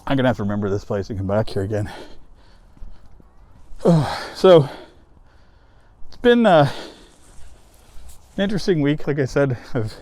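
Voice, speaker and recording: A winded man talks his way through a woodland trail into a handheld camera, rambling and laughing as he climbs. His voice is dark and mellow. The sound is dry and close, with no room echo. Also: mid-range voice, expressive, moderate pace, long pauses. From East Coast of the US. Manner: rambling, laughing, swearing casually. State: out of breath. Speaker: vlogger. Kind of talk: casual vlog narration while hiking. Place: wooded ravine trail outdoors.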